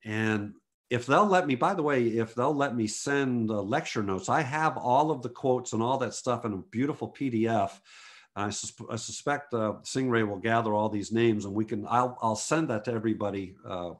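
Speaking at a normal pace, this man from the United States is a photographer delivering a motivational talk online. He tells stories with animation and voices people's quotes through large pitch leaps.

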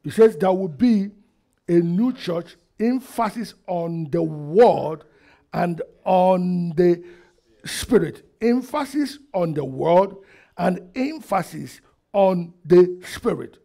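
A man's voice: high voice, animated, slow, vocal fry. A man preaching a sermon, reading a prophecy and then urging the congregation to repeat phrases after him. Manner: reads a prophecy quietly, then builds to shouted exhortation; leads the congregation in call-and-response repetition.

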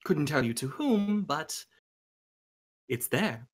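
A man voicing Angelo, a pompous male woodland artist who speaks in a haughty, theatrical, halting way. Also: fairly high pitch, very animated, husky, full character voice. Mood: evasive.

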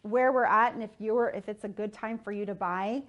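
A woman's voice: medium pitch, steady tone, brisk, a bit bright, lo-fi sound. Upbeat chatty woman real estate agent. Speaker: real estate team leader. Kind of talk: video market update. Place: filmed by a videographer.

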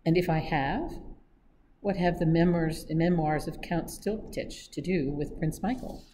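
A reader plays a witty young gentleman adventurer from a storybook, dry and ironic in every reply. The tone is mellow and low in brightness. Faint hiss sits under it. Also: measured pace, lightly acted, rough recording. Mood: wry. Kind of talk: read-aloud audiobook acting.

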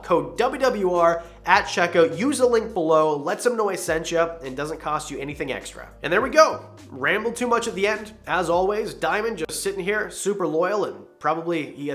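A young man chats through his vlog with an eager, rambling energy and a slightly raised pitch. Faint music plays quietly behind him. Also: animated, moderate pace. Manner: enthusiastic, rambling. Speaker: reptile channel host. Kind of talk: casual vlog talk.

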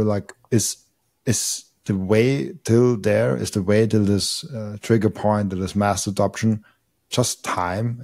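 Low, flat-voiced man hosting. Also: dry recording, studio quality. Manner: halting, searching for words, repeats himself. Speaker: podcast host. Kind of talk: interview questions.

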